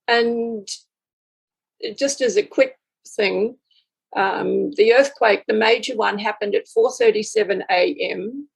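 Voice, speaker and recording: Gravelly, husky woman sharing spiritual stories. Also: a little high, lively intonation, slow pace, poor audio. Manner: reflective, storytelling, acts out inner dialogue. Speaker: group discussion participant. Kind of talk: spiritual sharing in group talk.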